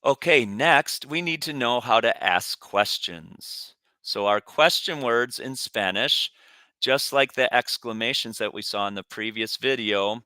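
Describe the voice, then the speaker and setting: A man teaching Spanish, reading vocabulary slowly in a lowish voice so students can repeat after him. His tone is bright and smooth, recorded close in a dry room. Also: no echo. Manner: pronounces words for students to repeat. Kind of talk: recorded classroom lesson.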